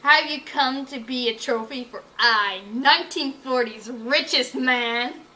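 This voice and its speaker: A woman's voice: high-pitched, bright, forceful tone, poor audio. A woman voicing a boastful, greedy rich villain man, drawing out his sneering lines in a storybook reading. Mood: gloating. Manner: boastful, sneering, drawn-out delivery.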